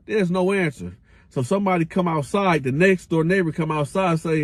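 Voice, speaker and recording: A man with a fairly high voice narrates a street story in casual, slangy speech. He acts out the people he quotes and mouths booms and bangs along the way. The sound is close and dry, with no room around it. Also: normal speed, no echo.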